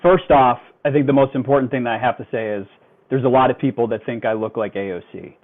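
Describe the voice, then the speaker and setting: Guy calling in, calm + dry humor, tinny phone sound. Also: mid-range voice, fast, noisy background. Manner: calm, explanatory, dry joking. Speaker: guest calling in. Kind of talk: casual podcast chat. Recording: tinny phone-like call audio.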